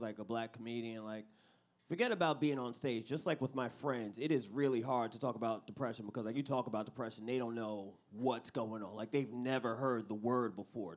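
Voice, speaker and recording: A man from New York City doing a conversational stand-up comedy set live on stage at a club. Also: mid-range voice. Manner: animated, conversational with the crowd.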